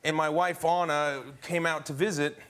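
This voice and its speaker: A man's voice: a little high, level tone, moderate pace, clean tone. A man from the United States, an actor guest telling a rambling, self-deprecating story in casual chat, with a studio audience laughing behind. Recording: loud studio audience and noise.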